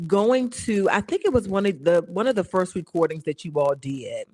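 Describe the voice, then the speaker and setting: A woman's voice: on the low side, expressive, normal speed, darkish tone. A woman hosting a podcast interview in casual chat, effusive and emotional, rambling as she talks. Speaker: podcast host.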